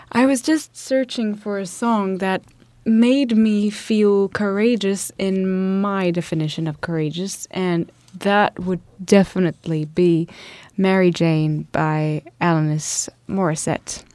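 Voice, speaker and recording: Slow, reflective woman in a dry close recording. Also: medium pitch, a little mellow, dry recording. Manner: halting, thoughtful, many fillers. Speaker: podcast co-host. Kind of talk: reflective casual chat.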